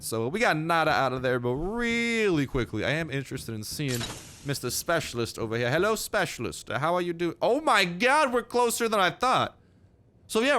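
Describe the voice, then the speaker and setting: A man's voice: a little high, a bit bright. A young man in his twenties, sick, giving chatty, slangy, joking commentary over his gameplay. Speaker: gaming YouTuber.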